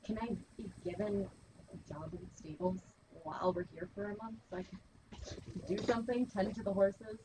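A woman player talks through her character's plans hesitantly, with many fillers. Her voice sits mid-range, and clear hiss runs behind it. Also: mid-range voice, fairly even intonation, moderate pace. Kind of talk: casual tabletop play.

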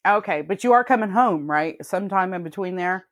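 A podcast co-host tells swear-laden stories in casual conversation, laughing often. Her mid-range voice is animated and brisk. The recording is clean studio sound without echo.

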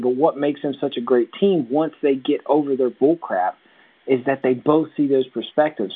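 A man's voice: medium pitch, slightly rough. A man co-hosting a casual show recap in an easygoing, chatty way. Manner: easygoing, chatty, many fillers. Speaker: podcast co-host. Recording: tinny phone-like sound.

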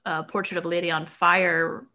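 A woman's voice: on the low side, level tone, moderate pace, sharp tone. A woman co-hosting a casual podcast chat, talking through a film in a chatty way, laughing often and quoting characters. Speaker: podcast co-host.

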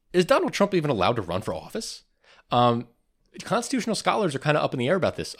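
A man hosting a podcast, going over the week's news in casual chat and reading from notes with frequent ums and restarts. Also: medium pitch. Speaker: podcast host.

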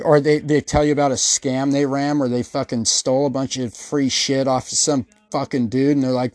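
A man's voice: medium pitch, little pitch movement, fairly quick, hardly any pauses, darkish tone, no echo, studio quality. A man hosting a podcast, telling rambling, profane stories and acting out the people he quotes. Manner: swears constantly, rambling storyteller who acts out quotes. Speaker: podcast host. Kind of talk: profane comedic rant.

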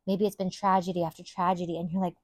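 A woman with a lowish, darkish voice hosts a Bible teaching podcast, speaking quickly in a level tone with no room sound. She comes across as earnest and enthusiastic, driving her points home by repeating them emphatically.

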